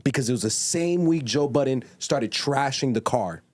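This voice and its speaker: A man's voice: medium pitch, lively intonation, moderate pace. A man co-hosting a podcast, arguing emphatically and spelling out his reasoning as if lecturing. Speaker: podcast co-host. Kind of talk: casual podcast debate.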